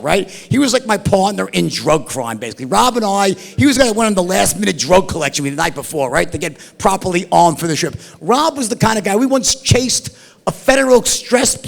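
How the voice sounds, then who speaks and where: A middle-aged man telling a wild story in an animated, profane, rambling way, tossing in "right?" and "like" all the time. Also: high voice, gravelly. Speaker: storyteller guest. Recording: long hall reverb.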